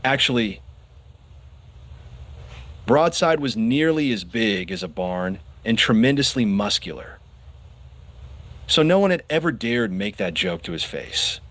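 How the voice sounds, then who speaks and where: Male narrator for a children's audiobook; expressive, animated pitch. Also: a little slow, long pauses. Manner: expressive storytelling.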